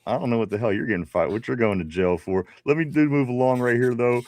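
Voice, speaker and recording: A man's voice: medium pitch, fast, darkish tone, dry recording, clean studio sound. A man with a Pittsburgh accent hosting a casual live stream, reading viewer comments aloud with frequent laughs. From Pittsburgh area. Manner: laid-back, laughs often, reads chat messages aloud. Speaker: podcast host.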